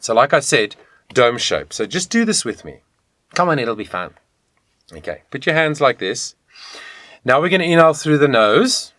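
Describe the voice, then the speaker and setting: A man teaching a video voice lesson, talking straight to the viewer in an encouraging, animated way. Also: mid-range voice, dry recording. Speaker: vocal coach.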